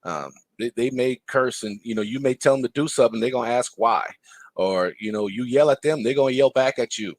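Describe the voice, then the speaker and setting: A man's voice: medium pitch, fairly quick, no echo. A man telling basketball stories in casual podcast chat, acting out the lines of the people in them. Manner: animated storyteller acting out quotes. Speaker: guest, former player and broadcaster.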